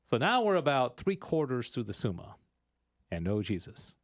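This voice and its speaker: A man hosts a talk radio show from a studio, walking through his subject in a casual, rambling way. His voice swings widely in pitch and sounds animated. The studio sound is dry and close. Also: normal speed, dry recording. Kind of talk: casual teaching chat.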